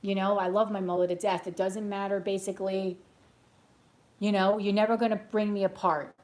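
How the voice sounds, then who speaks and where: A woman's voice: mid-range voice, fairly quick. A woman tarot reader chatting casually between readings, rambling off on tangents and telling stories bluntly. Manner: chatty and animated storytelling, blunt. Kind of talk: casual chat during a live reading.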